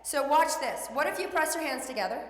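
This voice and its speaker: A woman teaches children yoga in a bright, high voice, giving encouraging cues and playful animal prompts. Her voice rings around a roomy studio with a long reverb tail. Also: lively intonation, fairly quick. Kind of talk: guiding a kids' yoga class. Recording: echoey room with long reverb.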